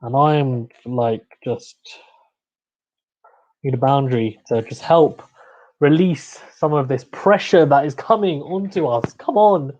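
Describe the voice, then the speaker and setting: A young man hosts a cricket watchalong stream at a middle pitch, groaning, pleading and chattering with each delivery. His excitable commentary comes through dull, lo-fi stream audio. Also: a little slow. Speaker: livestream host.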